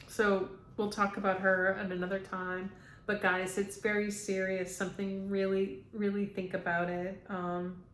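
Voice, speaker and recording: A woman speaking as a spiritual medium, relaying messages to viewers in a halting monologue full of "um"s. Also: medium pitch, a little hiss or hum. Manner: halting, frequent "um" fillers. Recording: echoey room.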